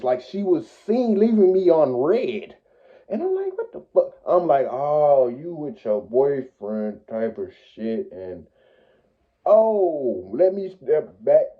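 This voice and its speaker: Young man, storytime vlogger, swinging pitch, heavy profanity, phone-quality audio. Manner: profane, animated street slang, swings loud and high when retelling. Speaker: vlogger telling a personal story. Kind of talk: casual storytime monologue.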